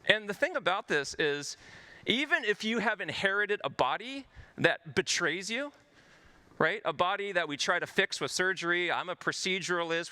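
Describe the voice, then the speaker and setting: A male physician speaks from a conference stage, earnestly explaining his research to the audience. His pitch swings widely and sits a little high for a man. His tone is very bright. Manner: earnest, explanatory, narrates patient stories. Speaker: physician giving a conference talk. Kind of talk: conference presentation.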